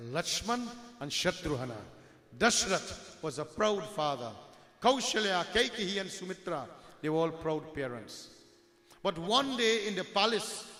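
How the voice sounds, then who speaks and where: High-voiced man telling a devotional story. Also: bright, forceful tone. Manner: addresses listeners as dear friends, mixes in Hindi devotional words. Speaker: religious storyteller. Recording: echoey hall with long reverb.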